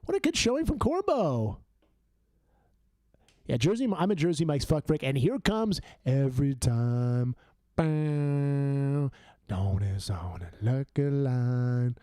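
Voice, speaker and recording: Young man, livestream host, swearing rants, lively swooping pitch, mellow tone. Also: slow, dry recording. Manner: profane rambling rants. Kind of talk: casual live game watch-along commentary.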